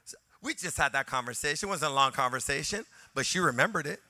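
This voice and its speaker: A male pastor preaching a sermon in an animated way, telling a personal story and acting out the dialogue. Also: on the high side, fast talker, dry recording.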